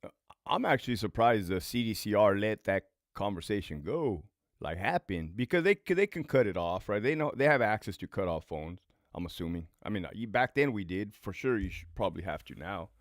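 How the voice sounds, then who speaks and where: A man in his forties talks on a casual livestream, blunt and profane, and hammers his points home by repeating them. His pitch swings a lot as he tells his stories. The sound is close and dry. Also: animated, fairly quick, dry recording. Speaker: former prison lieutenant turned online host.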